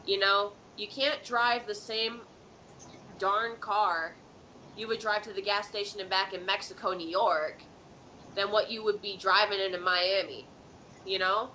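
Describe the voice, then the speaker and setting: A woman's voice: mid-range voice, steady tone, a little slow, pushed and bright, a little hiss or hum, poor audio. A woman hosting a live psychic advice stream, talking in an emphatic, preachy way and often checking in with "okay?". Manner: dramatic countdowns and pep-talk repetition.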